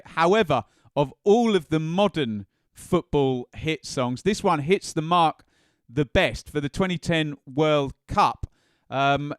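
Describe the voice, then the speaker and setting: Chatty man with a smooth voice. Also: fairly high pitch, dry recording, studio quality. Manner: chatty and enthusiastic, with frequent ums. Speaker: music and football channel host. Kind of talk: casual ranked countdown commentary.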